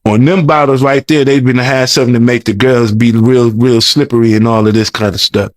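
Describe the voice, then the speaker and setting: A man's voice: mid-range voice, steady tone, a little fast. A man telling a long story as an interview guest, rambling, repeating words, and talking in loose slang. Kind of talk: casual storytelling.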